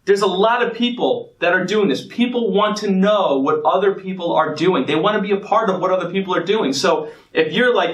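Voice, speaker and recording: A man's voice: high-pitched, a little fast, hardly any pauses, a bit bright, roomy sound, recorded from a distance. A man coaching salespeople on a phone script, confident and emphatic, acting out bits of the call as he explains them. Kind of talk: sales training talk.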